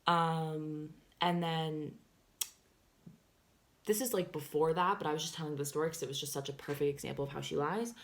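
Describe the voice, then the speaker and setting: A woman's voice: deep voice, moderate pace, roomy sound. A young woman vlogger telling a story in casual chat, full of "like" and "um", and acting out what people said. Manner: chatty, fillers of "like" and "um" throughout; acts out quoted lines in animated voices.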